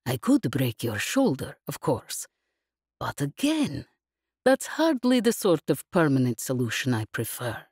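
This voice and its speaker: A woman narrator voices a cool, dangerous woman in an audiobook, husky and low, with a lively, swooping voice. She talks with measured, mocking calm. The studio sound is close and dry. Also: no room sound, heavily acted. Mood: calm menace. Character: cool, dangerous woman captive, calmly menacing. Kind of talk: audiobook character reading.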